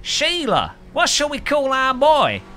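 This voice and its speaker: A man's voice: extremely high pitch, huge pitch swings, takes it slowly, sharp tone, faint music behind, voice pushed up, heavily acted. A man putting on a cheesy Australian father in an exaggerated mock Australian accent. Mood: fond.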